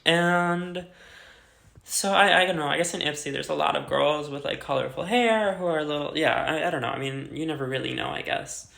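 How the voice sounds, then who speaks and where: A woman's voice: low-pitched, brisk, vocal fry, fairly bright tone. Young woman, casual storytime, filler-heavy chatter, swears a lot, echoey room. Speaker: vlogger. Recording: roomy echo.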